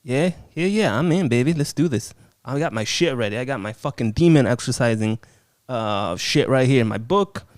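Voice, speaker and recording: A man's voice: mid-range voice, lively intonation, normal speed, no room sound, clean studio sound, lightly acted. A man voicing a boastful male priest, eager to fight demons, who talks in a brash and profane way. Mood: pumped up.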